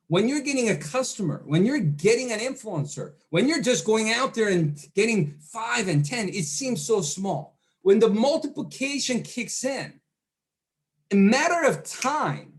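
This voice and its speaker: A man giving a motivational training talk over a video call, often repeating words and quizzing his audience. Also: very high-pitched. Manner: doubles words, asks the audience questions.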